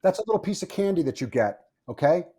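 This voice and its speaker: Speaking fast in a warm, husky, slightly high voice with big swings in pitch, a male firearms instructor guests on a podcast interview. He gives his opinions bluntly, curses a lot, and circles back to the same points.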